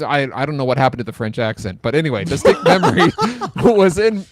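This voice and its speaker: A man's voice: mid-range voice, very animated, a little fast, few pauses, no room sound, studio quality. A man co-hosting a podcast, reading listener comments aloud in a joking way and stumbling over his lines. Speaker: podcast co-host.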